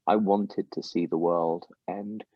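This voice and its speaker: A middle-aged man with an English accent, a musician guest telling stories with animated voice jumps. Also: takes it slowly, dry recording, highs cut off. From England. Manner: animated storyteller, mimics voices with big pitch jumps. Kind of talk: casual interview over a call.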